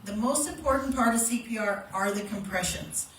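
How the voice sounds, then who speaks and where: A woman's voice: a little high, expressive, moderate pace. A woman instructor teaching first aid and CPR to a live workshop group through a handheld microphone, plain and practical, demonstrating as she talks. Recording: echoey room, mic held at a distance, faint ambient noise.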